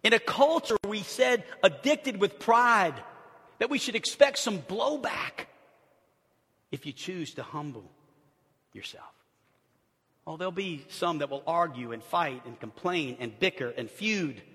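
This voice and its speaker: Animated husky-voiced male pastor preaching. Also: high-pitched, a little slow, long reverb tail. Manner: animated, swings from loud to hushed. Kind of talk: sermon.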